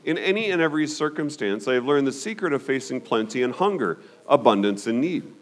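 A man teaching a Bible study in a conversational way, often pausing to ask "okay?" and putting questions to his listeners. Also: mid-range voice, big pitch swings. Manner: conversational, frequent "okay?" check-ins.

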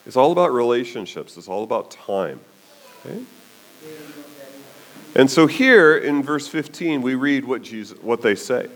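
A man preaching a sermon as a pastor, telling the story with animated delivery and often checking in with "okay?". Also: mid-range voice, a little slow, pauses often.

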